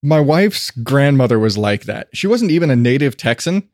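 A man's voice: mid-range voice, sing-song, normal speed, darkish tone, dry recording. A man in casual podcast chat who talks with wry, dry humor.

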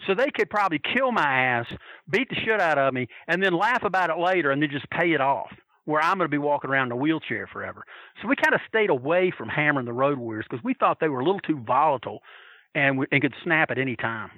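A man telling wild anecdotes in a casual, profane, animated way, acting out other people's voices and laughing as he goes. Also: a little high, fast talker, no echo, dull audio. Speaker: storyteller guest.

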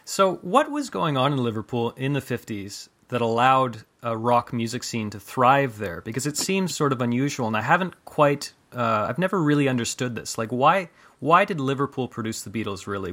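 A man's voice: medium pitch, lively intonation, a little fast, few pauses, fairly bright tone. A man interviewing a guest, asking casual, curious questions.

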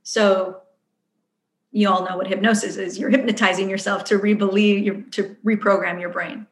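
A woman's voice: mid-range voice, level tone, normal speed, echoey room, a little hiss or hum. A woman leading a workshop, answering audience questions in a chatty, earnest way and acting out her own inner voice. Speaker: workshop facilitator. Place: event room.

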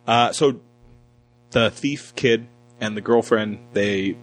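A man co-hosting a podcast gives a casual film review, joking sarcastically and acting out movie lines in a put-on voice. He speaks slowly in a lowish voice. The recording is rough, with faint music behind him.

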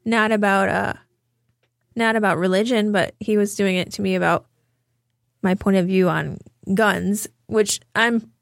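A woman's voice: medium pitch, steady tone, measured pace, gravelly, no room sound. Podcast co-host, woman, chatty storyteller, dry close sound. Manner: storytelling, acting out quoted exchanges. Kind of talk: casual chat.

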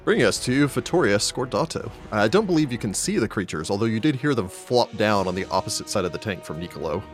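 A man with a lowish voice narrates a tabletop game as its game master. He draws out his descriptions slowly and dramatically, and faint music plays behind him. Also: expressive.

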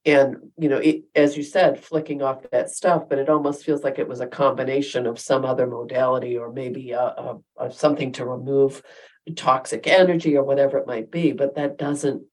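Low-voiced woman, emphatic. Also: steady tone, moderate pace, darkish tone, rough recording. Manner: emphatic, firm opinions. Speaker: podcast co-host. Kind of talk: casual chat.

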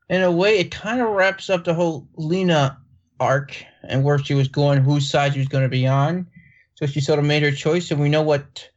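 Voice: medium pitch, lo-fi sound. A co-host in a casual cartoon review chat, rambling with many "like"s and "um"s. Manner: rambling, lots of "like" and "um". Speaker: podcast co-host.

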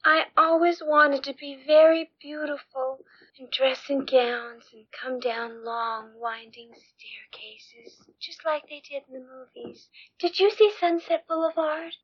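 A woman's voice: high-pitched, fairly even intonation, measured pace, muffled recording. An actress playing a lonely, unhinged woman who speaks plaintively and tearfully, wavering between sweet and menacing, in film dialogue. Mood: wistful.

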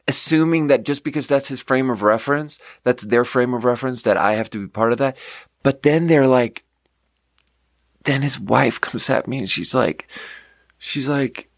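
A man's voice: medium pitch, moderate pace, no room sound, clean studio sound. A man hosting a podcast, rambling in casual chat with frequent laughs and casual swearing. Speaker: podcast host.

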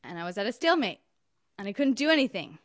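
A woman's voice: mid-range voice, big pitch swings, quick pace, no echo, studio quality. A woman telling a personal story in an emphatic, wry, indignant way. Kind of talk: personal story told to an audience.

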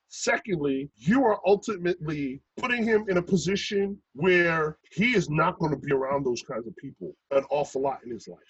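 A man's voice: a little high, husky, no echo, dull audio. A man, talking casually and swearing freely as he tells stories. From Brooklyn, New York. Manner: profane, animated storyteller. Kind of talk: casual chat.

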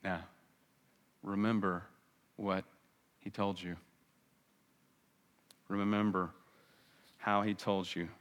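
A male pastor giving a sermon in a church, swinging from biting sarcasm to hushed, earnest appeals. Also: low voice, level tone, slow pace, long pauses. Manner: sarcastic, then dramatic with wide swings between loud and hushed.

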